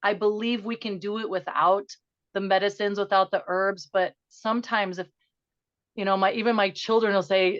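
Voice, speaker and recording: A middle-aged woman speaks with heartfelt earnestness, her words tumbling out fast and then easing. Her voice sits mid-range. The call audio is dry and slightly dull. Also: medium pitch, fairly even intonation, dry recording. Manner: earnest, emotional, talks in quick bursts. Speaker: guest. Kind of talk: conversational interview, guided breathing.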